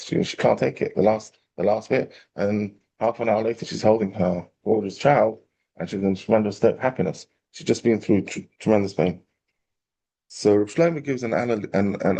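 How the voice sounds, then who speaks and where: A man, a rabbi telling a parable in a lively storytelling class. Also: fairly low pitch, vocal fry, husky. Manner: animated storyteller, acting out quotes.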